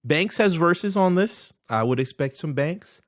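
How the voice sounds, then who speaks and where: A man co-hosts a podcast in a fairly high voice that swings up and down a lot as he jokes. The sound is close and dry. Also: a little slow, no room sound. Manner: animated, jokey, slips into impressions. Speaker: podcast co-host. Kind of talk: casual chat.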